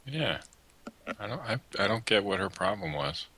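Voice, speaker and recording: A man's voice: fairly low pitch, big pitch swings, moderate pace, pushed and bright, breathy edge, no room sound. A man co-hosting a casual podcast, cutting in with dry wisecracks. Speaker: podcast co-host.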